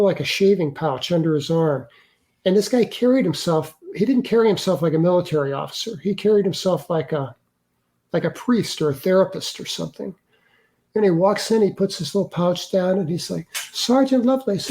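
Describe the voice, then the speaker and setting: An older man, an interview guest, earnestly recounting a personal experience in a halting way with many restarts. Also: a little high, warm tone. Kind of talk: personal storytelling.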